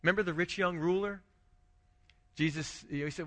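A man's voice: high voice, a little fast, a bit bright, in a large hall. A man preaching a conversational sermon as a pastor, asking rhetorical questions and restarting his phrases.

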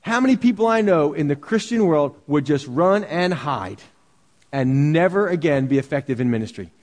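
A man's voice: on the high side, expressive, moderate pace, darkish tone, long reverb tail. A man preaching a sermon as pastor, earnest and full of rhetorical questions.

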